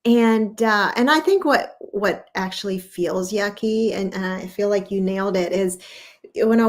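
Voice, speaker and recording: A woman hosting a podcast in casual conversation, thinking aloud in a reflective way. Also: mid-range voice. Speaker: podcast host.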